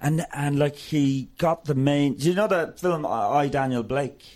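A man, a comedian hosting a live chat, telling stories haltingly with many fillers. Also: on the high side, a little mellow. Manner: halting, filler-heavy storytelling.

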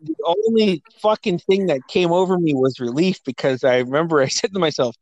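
A man's voice: fairly high pitch, animated, fairly quick, darkish tone, no room sound, poor audio. A young adult man hosting a podcast, telling family stories in a casual, profane way and often laughing. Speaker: podcast host.

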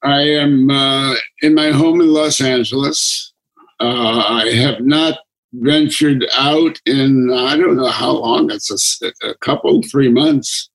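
Very slow-speaking man in his nineties. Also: medium pitch, steady tone, fairly bright tone, low-quality recording. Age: 90s. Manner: unhurried, wry, chuckling. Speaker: guest. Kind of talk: relaxed conversation. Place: his home.

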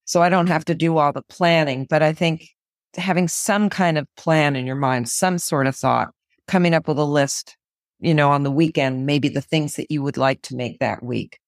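A woman co-hosting a casual chat, thinking aloud in a gentle, reassuring way. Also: deep voice, normal speed, no echo, clean studio sound.

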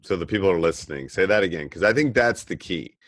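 A middle-aged podcast host with a very low, deep voice eagerly prompts his guest and repeats points to stress them. His sound is close and dry, with no room echo around it. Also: lively intonation, quick pace. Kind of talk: casual podcast interview.

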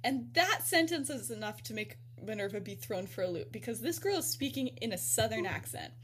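A woman's voice: a little high, expressive, a little fast, a bit bright, breathy edge. A woman hosting a podcast, retelling a story in a casual, giggly way with many filler words. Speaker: podcast host.

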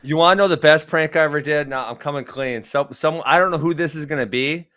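Animated, lively man on a dry mic. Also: a little high, quick pace, no echo. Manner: animated storyteller, bursts of laughter. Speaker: podcast co-host, former wrestler. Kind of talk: casual chat.

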